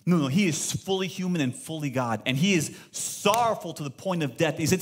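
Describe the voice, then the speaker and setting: A man pastor preaching to a live church congregation, emphatic and lively, throwing rhetorical questions to the room. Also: on the high side, fairly quick. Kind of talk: sermon.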